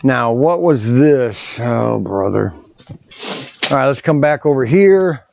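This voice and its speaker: A man's voice: medium pitch, expressive, takes it slowly, creaky, a little mellow, dry recording, lo-fi sound. A man who owns a toy shop, chatting casually and rambling in a vlog while he packs orders. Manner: rambling, chatty, often restarts sentences. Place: indoor shop packing area. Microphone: separate mic system away from the camera.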